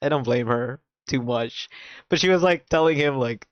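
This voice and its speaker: A man streaming, casually recapping a drama's plot in an animated way, swearing often and filling his talk with "like". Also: a little high, moderate pace, no echo. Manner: animated, swears a lot, fills with "like". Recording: dull, dry, lo-fi mic sound.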